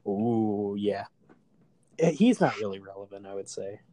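A man's voice: fairly low pitch, animated, unhurried, dark tone. A man co-hosting a casual podcast chat, with a sarcastic, jokey way of talking. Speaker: podcast co-host.

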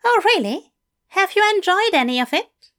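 A fussy, eager English teacher gushes in a high, bright, lilting voice, as a woman reads him aloud. His speech is prim, formal and effusive, and his pitch swoops up and down with enthusiasm. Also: big pitch swings, moderate pace, heavily acted.

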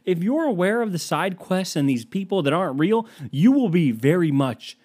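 A man's voice: high-pitched, big pitch swings, normal speed, darkish tone. A man telling an exasperated, profane, incredulous storytime rant to his viewers.

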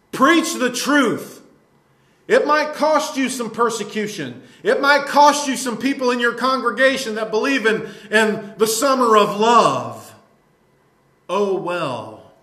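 A man preaches a fiery sermon, scolding his listeners in a fairly high voice. His words ring out through a roomy, echoing church space. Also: pushed and bright.

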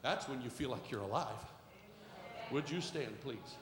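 A middle-aged male pastor preaching a sermon, moving from quiet storytelling to shouted exhortation. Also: mid-range voice, expressive, measured pace, crowd noise. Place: church sanctuary. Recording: echoey hall with faint noise.

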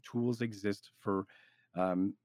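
In a casual podcast chat, a man gives roleplay advice, rambling in an animated way and frequently restarting his sentences. He speaks slowly in a lowish voice.

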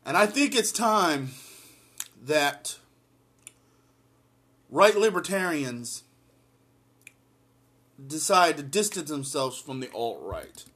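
Guy ranting about politics solo, blunt and fired up, kinda high voice, reads bits of an article. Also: animated, takes it slowly, pauses often, pushed and bright, breathy edge. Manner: emphatic, blunt, repeats lines for force. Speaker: political commentator. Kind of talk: impassioned solo commentary, reading an article aloud.

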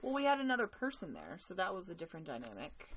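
A woman's voice: fairly low pitch, huge pitch swings, fast talker, husky. A young woman co-hosting a podcast in casual, candid conversation, laughing easily. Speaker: podcast co-host. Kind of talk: casual chat.

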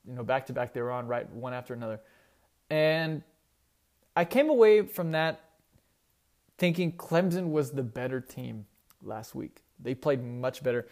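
A man's voice: medium pitch, animated, normal speed, long pauses, darkish tone. A young man hosting a casual solo sports talk show, rambling and correcting himself as he goes. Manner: rambling, self-correcting, conversational. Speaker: sports podcast host.

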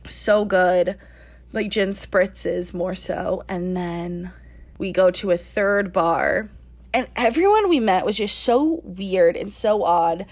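A woman in her twenties telling a lively story on a casual podcast, laughing often and saying "like" a lot. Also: medium pitch, takes it slowly. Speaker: podcast co-host.

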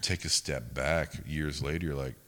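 Low, bright-voiced profane male podcaster. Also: steady tone, moderate pace. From United States. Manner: profane, rambling storyteller. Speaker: podcast co-host. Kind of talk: casual chat.

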